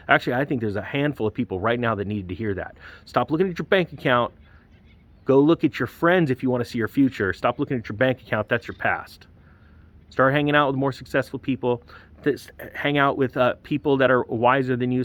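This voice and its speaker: Animated man giving casual finance commentary. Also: medium pitch. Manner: animated, tangent-prone, motivational. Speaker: finance video host. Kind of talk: casual direct-to-camera commentary.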